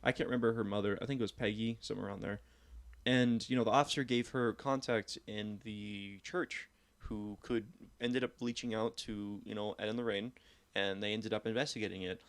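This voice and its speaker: A young man co-hosting a podcast, telling stories in casual chat with rambling, animated asides and swearing. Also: lowish voice, fairly quick. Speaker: podcast co-host.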